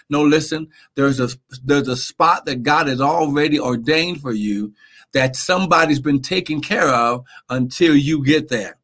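Bright-voiced man preaching. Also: fairly high pitch. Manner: animated, repeats words, asks amen. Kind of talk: live Bible teaching.

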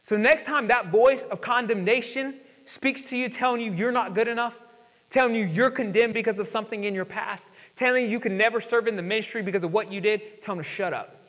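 A young male pastor with a high-pitched voice delivers a sermon, peppering it with casual slang and slowing down to read scripture with weight. His voice rings out in a hall with a long reverb. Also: fairly bright tone.

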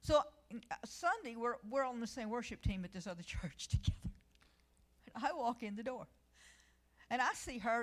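A woman's voice: fairly high pitch, fairly bright tone. Earnest woman giving a devotional. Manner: earnest and conversational, swelling when reading scripture. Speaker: church speaker. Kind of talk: devotional teaching with personal stories.

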